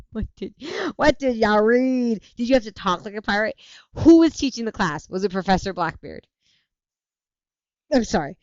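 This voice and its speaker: Animated woman hosting a livestream chat. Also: mid-range voice, unhurried, pauses often, no room sound, muffled recording. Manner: animated, laughing often, self-interrupting. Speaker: livestream host. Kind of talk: casual chat reading viewer comments.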